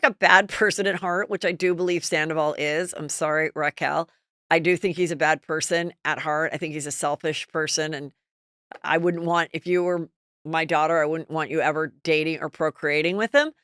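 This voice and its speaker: A middle-aged woman hosting a podcast, chatting casually and gossiping about celebrities in an animated storytelling way. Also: lowish voice, clear, resonant tone, no echo, studio quality. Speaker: podcast host.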